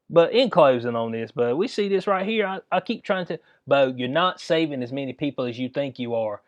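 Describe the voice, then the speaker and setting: A man's voice: mid-range voice, animated, normal speed, no room sound, lo-fi sound. A man hosting his own channel, giving heated, informal commentary with lots of slang, emphatic outbursts and frequent laughs. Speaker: channel host.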